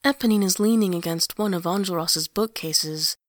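A woman reading fan fiction aloud in an even, plain narrating voice. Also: on the low side, moderate pace, no room sound, clean studio sound. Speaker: audiobook reader.

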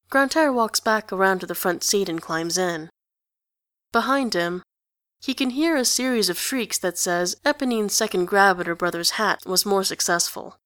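A woman narrating a story in an even, conversational reading. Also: mid-range voice, normal speed, dry recording, studio quality. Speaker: reader. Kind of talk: audiobook narration of fan fiction.

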